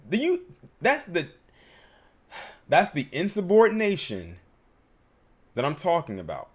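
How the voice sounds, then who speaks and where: A man's voice: a little high, slightly rough. A man hosting a livestream, giving emphatic, opinionated commentary and reading super chats.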